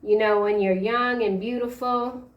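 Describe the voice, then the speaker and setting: A woman giving a casual tarot reading, rambling and halting as she works through the cards. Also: a little high, steady tone, reverberant, recorded from a distance, muffled recording. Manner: rambling, halting stream of card interpretations. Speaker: tarot reader.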